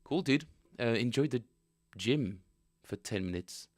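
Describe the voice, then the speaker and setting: A man's voice: mid-range voice, lively intonation, measured pace. A man casually chatting with viewers on a live stream, rambling and joking as he reads chat aloud. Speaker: bass player streaming practice.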